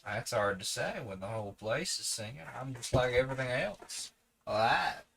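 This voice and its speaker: A man doing a slow-drawling woodland tramp. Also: mid-range voice, lively intonation, vocal fry, fairly bright tone, a little hiss or hum. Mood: gentle. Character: gentle ragged woodland tramp, man, calm and smiling.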